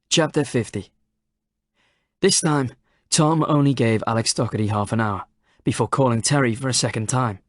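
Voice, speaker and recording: A man narrating an audiobook in a measured, even way on a close mic. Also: mid-range voice, no room sound. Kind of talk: scripted narration.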